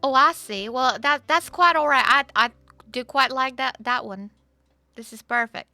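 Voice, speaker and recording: A woman's voice: high voice, moderate pace, sharp tone, dry recording, faint music behind, pitched above the performer's own voice, full character voice. A woman voicing a genteel wild west saloon barmaid who talks in polite, old-fashioned phrases. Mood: coy.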